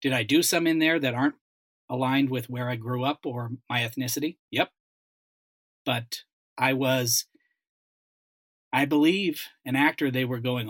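A man's voice: medium pitch, measured pace, long pauses, a bit bright, no echo. A man, a dialect coach and voice actor, telling a story in a casual panel chat, with many restarts.

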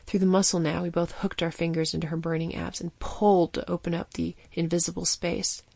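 A woman giving steady, vivid scripted narration of a fiction story. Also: on the low side, brisk, gravelly, dry recording.

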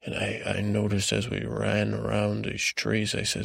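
A man with a deep, gravelly voice rambles through a bedtime story in a vaguely Scottish put-on lilt. His slow, drowsy delivery keeps stalling on repeated words and restarts, and the sound is close and dry. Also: completely flat delivery, no echo. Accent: put-on vague Scottish-ish lilt. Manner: meandering, halting, full of restarts and repeated words. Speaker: podcast host. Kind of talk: rambling improvised bedtime story told in first person.

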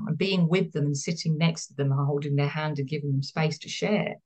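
A woman's voice: low voice, steady tone, a little fast, hardly any pauses, darkish tone. A woman therapist, speaking as a guest in a podcast interview, explaining earnestly and repeating words for emphasis.

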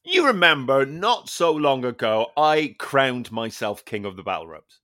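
Bright-voiced man telling a story. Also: mid-range voice, measured pace. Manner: animated storytelling, swearing, laughing often. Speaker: podcast co-host. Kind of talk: casual chat.

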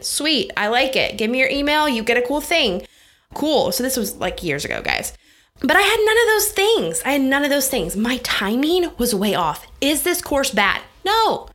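Chatty, energetic woman business coach. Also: medium pitch. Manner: energetic, chatty, addresses listeners as guys and honey. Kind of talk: casual direct-to-camera coaching talk.

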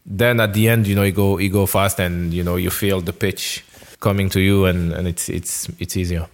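A man's voice: low voice, flat delivery, moderate pace. A man from France, answering interview questions in a hesitant, word-searching way. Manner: hesitant, searching for words with many restarts. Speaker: interview guest, former footballer. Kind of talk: casual conversational interview.

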